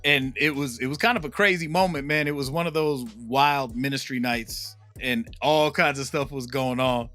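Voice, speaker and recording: Speaking at medium pitch and a moderate pace with hardly any pauses, a man's voice sounds pushed and bright over faint background music. He's a minister delivering a relaxed, slangy devotional, storytelling with emphatic repetition and frequent "right?" checks.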